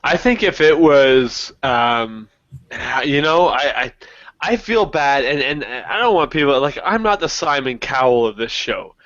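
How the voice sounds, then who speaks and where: A man co-hosting a photo show over a video call from home, chatting casually with self-deprecating jokes and halting restarts. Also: medium pitch, animated, fairly bright tone, no room sound. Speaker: co-host and photographer. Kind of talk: casual chat. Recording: dull, dry lo-fi call audio.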